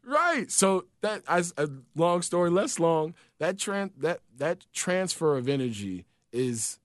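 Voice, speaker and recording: Man, casual co-host, slightly high voice, dry close mic, animated storyteller who swears. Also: unhurried, dry recording. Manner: animated storyteller, swears freely, acts out quotes. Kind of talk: casual chat.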